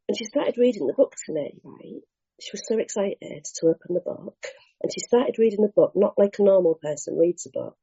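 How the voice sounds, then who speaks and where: A woman sharing her recovery story at a meeting, candid and lively, acting out scenes with slang and the odd swear. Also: fairly low pitch, creaky, slightly rough. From Bristol, England. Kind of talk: animated personal storytelling. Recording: dull lo-fi meeting recording.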